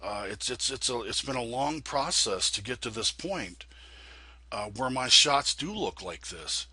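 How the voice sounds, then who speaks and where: A congested man talks through a computer tutorial in a loose, folksy ramble, often restarting his sentences. His voice is husky and bright, with a hoarse edge. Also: mid-range voice, expressive, unhurried, no room sound. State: congested from a sinus infection. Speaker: flight sim video host. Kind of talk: casual tutorial talk.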